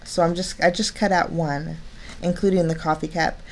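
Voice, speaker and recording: A woman's voice: on the low side, little pitch movement, moderate pace, slight background noise. A cheerful, chatty woman talking through each step of a card-making craft tutorial. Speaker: crafting channel host.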